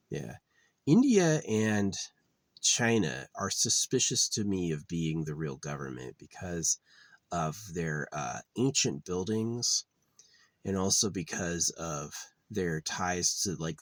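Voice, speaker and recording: A man's voice: deep voice, no room sound. A man on a profane, agitated ranting monologue, often repeating himself. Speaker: vlogger.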